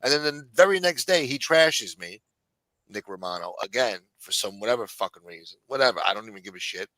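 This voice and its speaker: A man's voice: lowish voice, lively intonation, a little fast, bright, forceful tone, no room sound, poor audio. Blunt, profane male stream host. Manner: blunt, profane, exasperated storytelling. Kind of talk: casual livestream chat.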